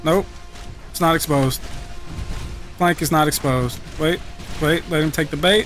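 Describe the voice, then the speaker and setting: A young man giving live commentary over his own game match, profane, trash-talking and excitable. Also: on the high side, measured pace, pauses often. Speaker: gaming channel host. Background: game music.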